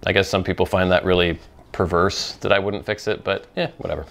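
Man, host, casual chat, low voice, rambling, viewer Q&A. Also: steady tone, a little fast, creaky, a bit bright. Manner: rambling, with frequent ums and restarts. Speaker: host of a pipe-smoking talk show.

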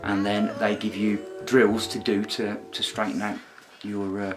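A man's voice: fairly low pitch, completely flat delivery, a little slow. A middle-aged man from Birmingham, chatting casually in a dry, teasing way as the vlogger's father. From Birmingham, England. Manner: dry, teasing, explaining at length. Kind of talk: casual chat. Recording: music playing behind.

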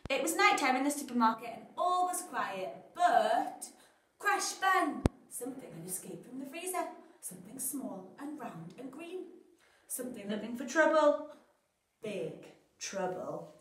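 High-voiced woman reading a bedtime story. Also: normal speed, slight background noise. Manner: expressive, dramatic read-aloud. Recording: echoey room, voice from a distance.

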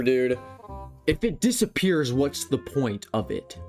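A young man giving excitable, self-mocking commentary while playing a game, with yelps when he fails. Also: medium pitch, measured pace. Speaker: gaming YouTuber. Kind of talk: casual gameplay commentary. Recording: faint music behind.

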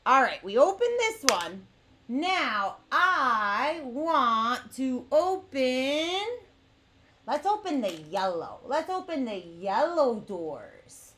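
A young woman teaching toddlers through toy play, talking slowly in an exaggerated sing-song way. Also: high voice, very animated, bright, forceful tone, slight background noise. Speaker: children's educator.

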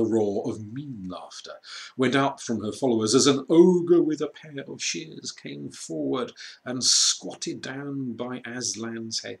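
A man reading a children's storybook aloud, slow and measured with dramatic pauses. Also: medium pitch, gravelly. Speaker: reader.

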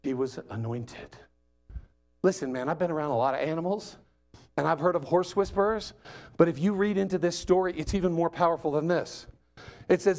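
A man preaching as a guest speaker, telling the story in an animated, joking, conversational way. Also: sits high, moderate pace. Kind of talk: sermon.

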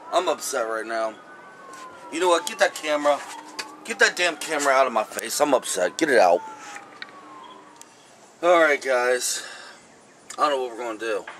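A man's voice: fairly high pitch, a bit bright, a little hiss or hum, rough recording. A man hosting a comic vlog skit, rambling and acting out phone calls. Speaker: comedy vlog host.

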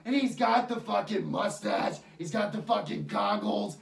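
Gravelly, profane ranting man. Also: sits high, normal speed, few pauses. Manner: heavy swearing, heated and mocking. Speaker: online ranter. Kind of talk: profane rant. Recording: echoey room, far from mic.

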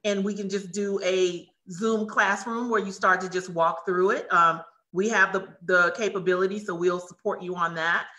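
A woman host talking over a video call, bright and forward in tone at an average pitch. She sounds excited and effusive, tripping over her words and restarting often as she runs a live webinar. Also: normal speed.

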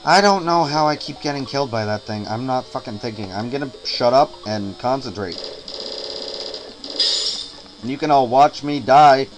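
A worn-out man talks through a brutal game, swearing, groaning and humming under his breath. His voice sits at an ordinary middle pitch. Game music plays clearly beneath his voice the whole time. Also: moderate pace, pauses often, low-quality recording. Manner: frustrated, swearing, hums and mutters to himself. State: tired, up all night. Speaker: let's player. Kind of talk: casual gameplay commentary.

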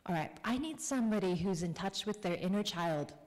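A woman author casting audience volunteers for a live reading, friendly and quick to laugh. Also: medium pitch, lively intonation, darkish tone. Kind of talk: casual talk to a live audience. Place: public library event room. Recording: long hall reverb.

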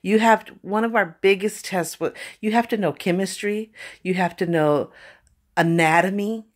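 A woman's voice: mid-range voice, moderate pace. A woman telling personal stories in a casual, conversational way, often saying "you know". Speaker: vlogger.

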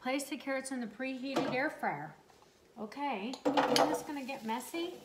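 A woman's voice: sits high, normal speed, echoey room. Chatty woman vlogging in a noisy kitchen. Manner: chatty, thinking aloud, reading instructions. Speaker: home cooking vlogger. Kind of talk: casual kitchen vlog talk. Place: home kitchen. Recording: loud background noise.

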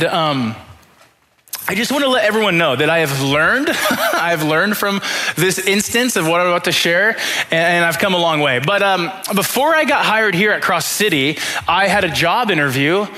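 A young man preaching to his church with a high voice and a bright, forceful tone. He tells self-deprecating stories with humor and acts out his own thoughts in quoted asides. The delivery is a lively sermon from a high school pastor.

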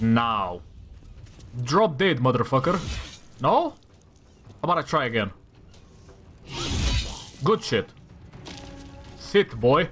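A man's voice: a little high, pushed and bright. A man giving casual gameplay commentary, talking to himself and trash-talking enemies with lots of swearing. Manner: talks to himself, reacting to rolls. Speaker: gamer playing a tactical role-playing game.

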